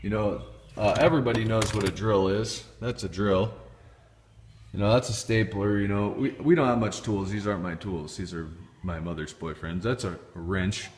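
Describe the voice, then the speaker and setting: A man's voice: fairly low pitch, moderate pace, a little hiss or hum. A man hosting a casual vlog in a home workshop, rambling and swearing as he jumps between topics. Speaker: channel host. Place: home workshop showing tools. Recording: long reverb.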